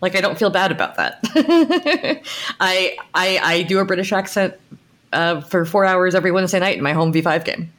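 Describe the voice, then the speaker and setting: A woman's voice: on the low side, animated, normal speed, fairly bright tone. An American woman co-hosting a podcast, chatting casually with frequent restarts and laughs. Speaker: podcast co-host, game designer. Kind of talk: casual chat.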